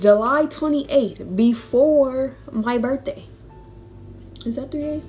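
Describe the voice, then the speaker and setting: A woman's voice: high voice, slow pace, faint music behind. A woman in her early twenties telling a personal story in a casual vlog, acting out what others said and laughing often. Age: 20s. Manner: animated, acts out quotes with laughs. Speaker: vlogger.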